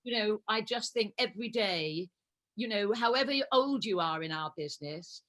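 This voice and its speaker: A woman's voice: mid-range voice, animated, normal speed, fairly bright tone. A woman in her seventies, a guest actress telling stories in a chatty, laughing way on a talk show. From England. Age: 70s. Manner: chatty storytelling, laughs often. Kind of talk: casual chat.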